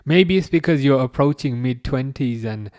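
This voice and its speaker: On his live stream, a thirty-something man casually reads viewer comments aloud, restarting haltingly and slipping in dry jokes. He has a darkish, mid-range voice recorded without room sound.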